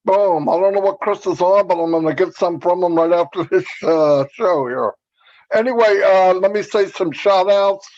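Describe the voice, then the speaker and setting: A man hosting a livestream, relaxed and easygoing, who opens the show and reads viewer shout-outs over a video call. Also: high voice, moderate pace, highs cut off. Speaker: host.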